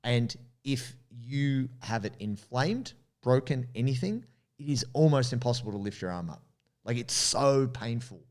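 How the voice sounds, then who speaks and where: A man's voice: mid-range voice, expressive, moderate pace. An Australian man co-hosts a casual podcast and walks listeners through advice step by step like a coach. He speaks straight to the audience in an explanatory way. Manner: addresses listeners directly. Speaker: podcast co-host. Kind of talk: casual podcast chat giving training advice.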